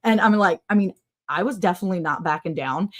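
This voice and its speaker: A woman hosting a livestream, telling a story to her viewers in a chatty, sarcastic way, full of "like" and big jumps in pitch. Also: quick pace. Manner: animated, sarcastic, with wide swings in pitch; chatty, with many "like" fillers. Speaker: livestream host.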